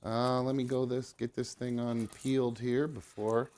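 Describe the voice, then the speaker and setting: A man hosting a live show in casual chat, rambling and swearing freely, quick to laugh, often drifting away from his mic. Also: mid-range voice, flat delivery, darkish tone. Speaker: podcast host.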